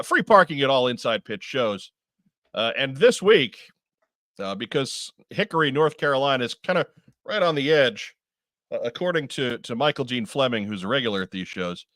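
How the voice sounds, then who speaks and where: A man's voice: medium pitch, a bit bright, dry recording. Guy reading out toy show news, chatty, lots of uhs, dry close sound. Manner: chatty, many uh fillers. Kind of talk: casual chat.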